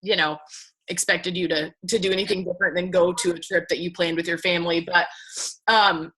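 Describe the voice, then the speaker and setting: Woman, team leader, bright voice, emotional rambling, full of likes. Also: on the low side, steady tone, brisk, low-quality recording. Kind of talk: casual chat on a group call.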